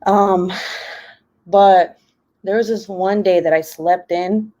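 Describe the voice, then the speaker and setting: A young woman talks into her laptop from home, casual and rambling. Her voice is warm and mellow, and she laughs easily between her "like"s. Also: mid-range voice, steady tone, slow, muffled recording. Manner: chatty, many "like" fillers, laughs often. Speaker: live stream host. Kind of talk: casual chat while crafting.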